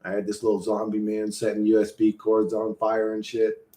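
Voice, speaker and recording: A man's voice: on the low side, completely flat delivery, normal speed, warm tone. A man streaming live, chatting casually and rambling with lots of swearing and laughter. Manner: rambling, profane, laughs often. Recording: echoey room.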